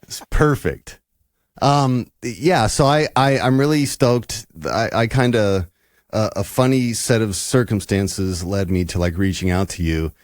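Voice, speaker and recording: A man's voice: fairly low pitch, a little slow, dry recording, clean studio sound. A male podcast host chatting casually and eagerly, often repeating words as he starts sentences. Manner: laid-back, enthusiastic, repeats words when starting sentences. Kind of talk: casual chat.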